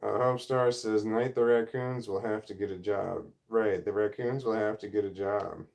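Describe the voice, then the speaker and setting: A man's voice: lowish voice, steady tone, moderate pace, gravelly, darkish tone. A middle-aged man, hosting a casual livestream at home, reading chat and rambling off on tangents. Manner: rambling, easily sidetracked, self-deprecating. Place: home room, indoors. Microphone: camera or phone mic at desk.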